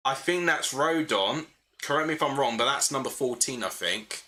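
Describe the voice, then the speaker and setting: Bright-voiced young man hosting a football watchalong. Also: medium pitch, animated, normal speed. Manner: chatty, thinking aloud, answering chat between play calls. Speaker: livestream host. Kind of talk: live football watchalong commentary, chatting with viewers.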